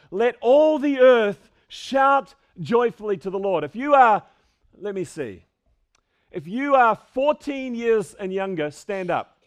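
A man with a high voice delivers a lively sermon in a church sanctuary. He swings from booming calls to quiet asides, pushing his congregation along. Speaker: pastor.

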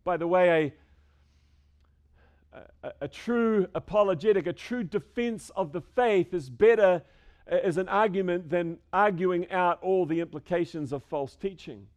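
A man's voice: sits high, a little slow, a little mellow. A man preaching an expository sermon in a church, stressing key phrases and repeating them for emphasis. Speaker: pastor. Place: church sanctuary with a screen.

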